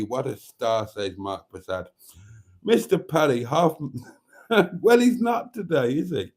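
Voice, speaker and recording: Slow, tired man hosting. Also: mid-range voice, sing-song. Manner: cheeky, chatty, laughs often. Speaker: livestream host. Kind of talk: casual chat reading comments.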